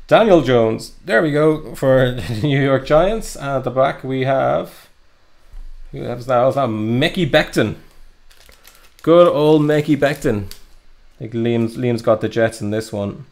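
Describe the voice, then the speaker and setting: Young man, card-break host, upbeat and chatty, gravelly edge. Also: medium pitch, measured pace, a little mellow. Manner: chatty, upbeat, lots of fillers. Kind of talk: live card break commentary.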